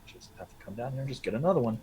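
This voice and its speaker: A man's voice: medium pitch, expressive, rapid-fire, warm tone, slight background noise, natural voice, poor audio. A man voicing a grumbling shop worker.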